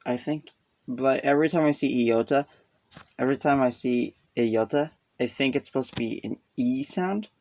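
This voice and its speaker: A man talks through his self-taught notes in an unhurried, meandering way. His voice sits at an ordinary pitch, and he trips over himself, pokes fun at his own gaps and sounds out vowels mid-sentence. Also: darkish tone. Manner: rambling, hesitant, self-deprecating; sounds out vowels aloud while explaining. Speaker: hobbyist explaining a language. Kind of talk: casual self-taught explainer.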